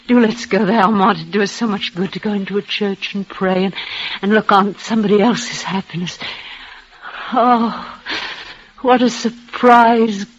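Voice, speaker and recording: Actress doing a frail, tremulous dying heroine, breathless and halting, tender to the end, dull vintage radio sound. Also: female voice, medium pitch, fairly even intonation, husky, natural voice. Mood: joyful. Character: dying young woman, tender and devoted. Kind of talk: vintage radio drama acting. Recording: dull old radio recording.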